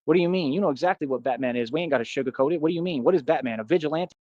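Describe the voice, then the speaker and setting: A man's voice: on the high side, rapid-fire, darkish tone, no echo, lo-fi sound. A man livestreaming and answering his chat in a boastful, combative rant. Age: adult. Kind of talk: ranting live stream.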